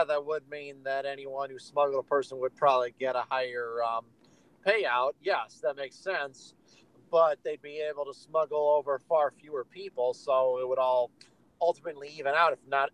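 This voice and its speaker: A man's voice: mid-range voice, moderate pace, no echo, poor audio. A man joining a casual podcast as a guest, making dry sarcastic jokes. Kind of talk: casual chat.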